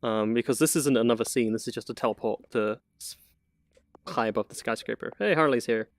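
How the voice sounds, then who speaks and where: During a live-stream VR tour, a community manager walks viewers through a virtual apartment he made, chatting casually with plenty of fillers and frequent laughter. His medium-pitched voice moves fairly quickly, and there's no echo.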